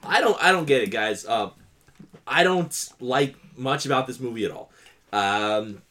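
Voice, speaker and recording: A man's voice: medium pitch, animated, unhurried, a loud crowd. A man co-hosting a casual movie podcast, laughing often and swearing freely as he banters. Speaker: podcast co-host. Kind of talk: casual movie review chat.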